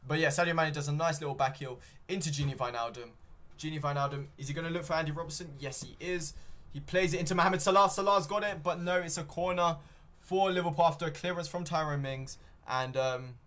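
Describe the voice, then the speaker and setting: A man's voice: fairly high pitch, steady tone, fast talker, a bit bright. Young man rambling through fan commentary. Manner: rambling play-by-play with many ums and self-corrections. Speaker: fan streamer commentating a match. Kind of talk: live fan watchalong commentary.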